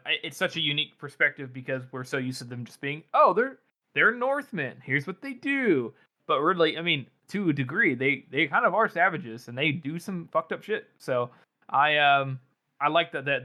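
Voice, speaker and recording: A man talking eagerly on a book podcast, tripping over his words. His voice is bright and edgy. It sits a little high. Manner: stammering restarts, enthusiastic. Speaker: podcast co-host. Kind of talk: casual book discussion.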